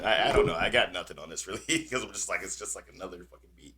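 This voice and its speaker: A man's voice: low-pitched, rapid-fire, hardly any pauses, pushed and bright, slightly rough. A man hosting a podcast, reading news stories aloud with small stumbles and commenting on them bluntly with plenty of cursing. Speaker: podcast host.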